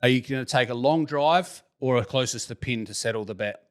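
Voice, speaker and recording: Jokey Australian man hosting an interview. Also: medium pitch. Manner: jokey, laughs often, quick-fire questions. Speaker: podcast host. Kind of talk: casual interview.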